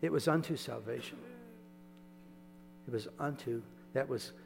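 A man delivers a sermon in a large hall, telling stories in a loose, chatty way and pausing to ask if his listeners are with him. His voice sits at a middling pitch, and the long reverb of the room trails after each phrase. A faint electrical hum runs underneath the recording. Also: vocal fry. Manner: conversational storytelling, checks in with listeners. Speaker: preacher. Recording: echoey hall with mains hum.

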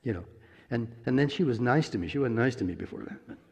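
A man's voice: mid-range voice, animated, fast, a little mellow, slightly rough. Folksy male preacher in an echoing hall. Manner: folksy, chuckles while telling stories. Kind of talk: sermon with storytelling. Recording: long echo of a large hall.

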